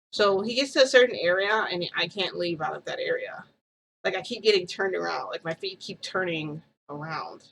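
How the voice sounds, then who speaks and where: A woman's voice: fairly low pitch, a bit bright, slight background noise, rough recording. A woman vlogger casually telling a first-person story, rambling and full of "like" fillers.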